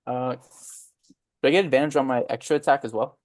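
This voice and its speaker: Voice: mid-range voice, moderate pace. A tabletop role-playing player chats in a loose, rambling way, full of fillers. The voice sits in a middle range. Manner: chatty, rambling with many fillers. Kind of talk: casual chat during a tabletop game.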